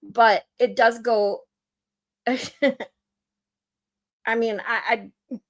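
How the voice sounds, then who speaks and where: A woman's voice: on the high side, fairly even intonation, drawn-out words. A woman hosting a casual livestream, ranting in exasperation while she reads and answers viewer comments. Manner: ranting, exasperated, reacting to chat. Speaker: livestream host.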